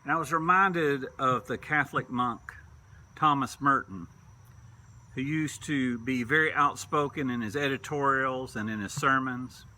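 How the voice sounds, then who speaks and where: A man preaching a sermon as pastor, slow and deliberate, sometimes dropping to a whisper. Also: mid-range voice, bright, forceful tone, big-room sound. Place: church sanctuary.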